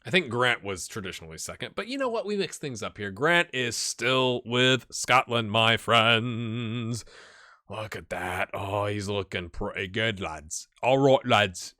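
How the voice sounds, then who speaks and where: A man's voice: lowish voice, a little slow, pushed and bright, no room sound, clean studio sound. A man hosting a gaming channel, casually commenting on a management game, chatty and thinking aloud with rhetorical questions.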